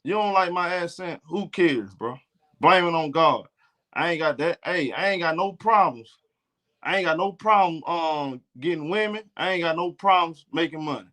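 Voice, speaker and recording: Southern man with an Alabama accent, high, bright voice, blunt, profane sports-stream host. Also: normal speed. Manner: blunt, profane trash talk. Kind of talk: casual live game commentary.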